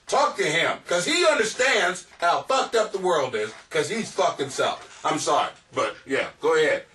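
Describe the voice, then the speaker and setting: Animated, crude comedian host. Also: male voice, fairly high pitch, normal speed, few pauses, distant mic. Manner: rambling, crude, laughing at his own jokes. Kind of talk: comedic advice podcast. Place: home basement.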